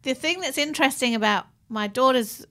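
A woman's voice: sits high, a little fast, bright, forceful tone. A middle-aged woman with an Australian accent, chatting casually as a co-host and telling a long story, laughing often. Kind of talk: casual chat.

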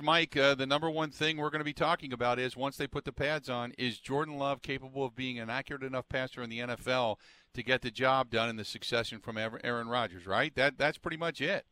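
A man's voice: medium pitch, sharp tone, smooth. A man hosting a sports talk radio show, reading a sponsor plug and asking long conversational questions.

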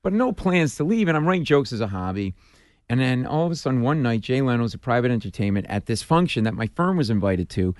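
A man's voice: mid-range voice, fast, dry recording. A man from Providence, a guest comedian telling stories in a studio interview and acting out the dialogue as he goes. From Providence, Rhode Island. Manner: animated, punchline-driven storyteller who acts out dialogue. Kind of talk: storytelling in a casual interview.

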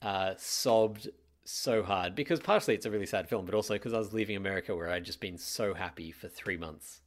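A man's voice: lowish voice, brisk. A young man co-hosting a podcast in casual chat, exhausted, talking in a dry, blunt, wry way. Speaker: podcast co-host.

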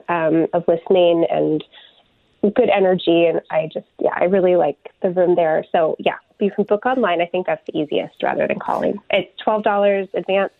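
A woman's voice: fairly low pitch, gravelly, no echo. A woman musician, a guest on a phone interview, talking reflectively with many ums. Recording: tinny phone line, dry.

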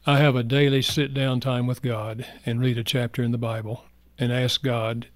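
An older man, a guest author, telling personal stories in an earnest, heartfelt way, going soft in emotional moments. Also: medium pitch, flat delivery, normal speed, no echo. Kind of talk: reflective personal storytelling.

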